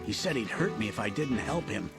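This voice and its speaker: An actor playing an anxious, earnest professor in an English anime dub who explains at length. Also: male voice, fairly low pitch, sing-song, a little fast, creaky, loud music behind the voice. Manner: earnest and explanatory, jumpy when scared. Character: anxious middle-aged male professor, frightened but determined.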